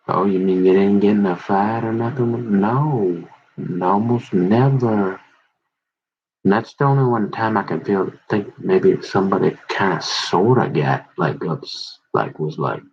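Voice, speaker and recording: A man's voice: on the low side, slow pace, slight background noise. A middle-aged man telling rambling stories from his school days in casual chat, acting out the voices of the people he quotes. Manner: rambling, quoting others in animated voices. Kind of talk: casual storytelling about high school memories. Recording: dull lo-fi recording.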